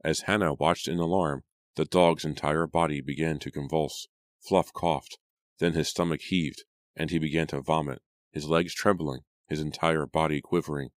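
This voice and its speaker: A man narrating an audiobook in a steady, measured storytelling manner. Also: a bass voice, no room sound, studio quality. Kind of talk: scripted narration.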